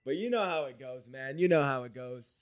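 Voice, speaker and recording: A man's voice: medium pitch, animated, a little fast, no room sound, studio quality. A man from Wisconsin talking through a casual spoken video diary, rambling and candid with some swearing. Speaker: video diarist.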